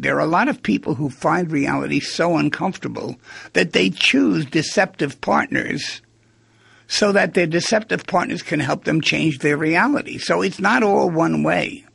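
A man's voice: on the high side, creaky, fairly bright tone, husky, dry recording. A man hosting a radio talk show, musing aloud, asking rhetorical questions and acting out quoted lines. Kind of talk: reflective monologue on relationships.

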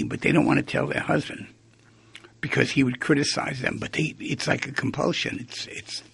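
A man's voice: mid-range voice, gravelly, fairly bright tone, slightly rough, no echo. A man hosting a radio talk show, musing aloud, asking rhetorical questions and acting out quoted lines. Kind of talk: reflective monologue on relationships.

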